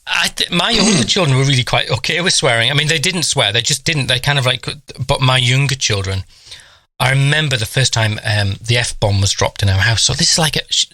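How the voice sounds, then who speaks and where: Animated storytelling man, bright voice. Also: mid-range voice, a little fast, no room sound. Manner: animated anecdote-telling, acts out children's voices. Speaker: podcast co-host. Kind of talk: casual storytelling chat.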